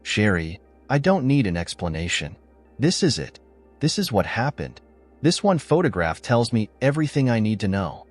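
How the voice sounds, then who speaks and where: A man telling a first-person story in a low voice that swings lively in pitch. He delivers the husband's lines bluntly, with an angry, sarcastic edge. Faint music plays underneath. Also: moderate pace. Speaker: narrator.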